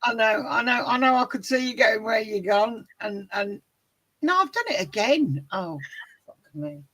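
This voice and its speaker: A woman's voice: fairly high pitch, expressive, normal speed, a bit bright. A woman hosting a live online chat on a video call, chatty and self-mocking. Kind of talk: casual chat.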